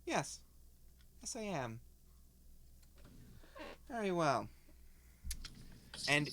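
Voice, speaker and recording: Low voiced lady game master, bouncy delivery, giggly. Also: slow, long pauses, noisy background. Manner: lively, laughs often. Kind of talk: narrating a tabletop game.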